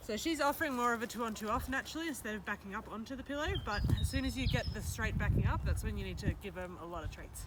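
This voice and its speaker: A woman dog trainer who calmly explains a trick, then praises her dog in a high sing-song voice. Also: fast talker, hardly any pauses, heavy background noise. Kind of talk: casual training demonstration. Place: outdoors or open training space with a dog.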